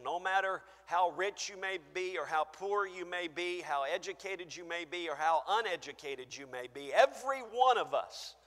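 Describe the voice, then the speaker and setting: A man pastor preaching a sermon in a church, shifting from quiet low asides to loud, shouted acted-out pleas. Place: church sanctuary. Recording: church sanctuary with long reverb.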